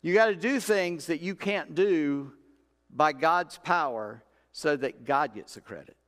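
Folksy preacher in a reverberant church. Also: male voice, a little high, measured pace, a bit bright. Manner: folksy storytelling, acts out voices in quotes. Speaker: pastor. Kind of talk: sermon. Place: church sanctuary. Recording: long hall reverb.

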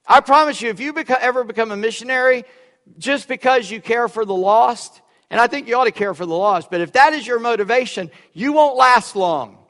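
Preaching at a fairly quick pace, a pastor with a fairly high voice alternates loud, emphatic statements with quiet, wry asides. His sermon rings through the echoey church hall with long reverb.

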